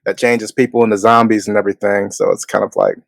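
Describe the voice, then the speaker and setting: A man co-hosting a casual podcast livestream, giving relaxed, wry commentary. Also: fairly low pitch, fast talker, gravelly, no echo, poor audio. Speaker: podcast co-host.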